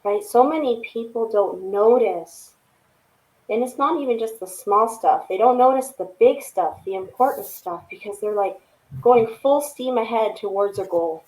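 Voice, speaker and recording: A woman's voice: a little high, moderate pace, darkish tone, poor audio. A woman guest on a podcast interview, an author speaking earnestly and reflectively, often ending points with "right?". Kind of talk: casual interview chat.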